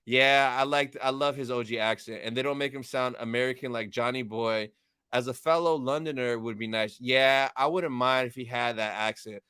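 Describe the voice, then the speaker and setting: A man's voice: mid-range voice, fairly even intonation, moderate pace, sharp tone, clean tone, no echo, studio quality. A young man hosting a live stream, casually chatting with viewers, reading chat aloud and thanking them.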